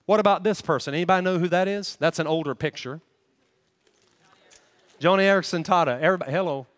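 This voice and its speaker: Speaking fast into a handheld mic, a preacher with a high, light voice earnestly poses questions to his congregation during a sermon. A long reverb tail from the large church hall trails after his words.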